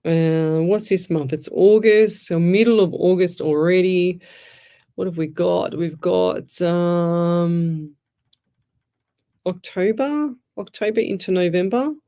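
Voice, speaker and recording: A woman's voice: fairly low pitch, takes it slowly, mellow. Middle-aged woman, psychic host type, rambly and frank, talks straight to her listeners. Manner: chatty, rambling, frank and blunt advice. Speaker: psychic medium radio host. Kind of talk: casual live-stream chat, reading out comments.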